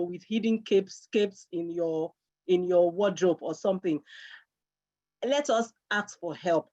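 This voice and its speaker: A woman's voice: mid-range voice, darkish tone. Earnest woman giving parenting advice. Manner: earnest, repeats phrases for emphasis. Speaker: guest speaker on parenting. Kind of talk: conversational advice talk. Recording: dull lo-fi sound.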